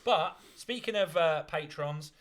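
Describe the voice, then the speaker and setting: A man's voice: fairly high pitch, unhurried, crowd noise. A young man co-hosting a casual comedy podcast, jokey and rambling, often talking over his co-host.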